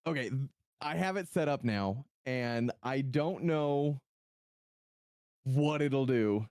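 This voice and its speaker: Animated game master with a dry close mic. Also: mid-range voice, slow pace, dry recording. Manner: animated, self-deprecating, repeats words while fiddling with setup. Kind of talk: casual chat before a tabletop session. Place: home streaming setup with a mixer. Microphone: streaming mic through a mixer.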